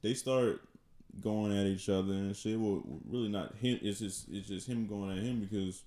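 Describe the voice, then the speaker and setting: A man telling a story on a podcast in a halting, casual way, often repeating words. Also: on the low side, fairly even intonation, warm tone. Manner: halting, repeats words, laughs between lines. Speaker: podcast co-host. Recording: echoey room.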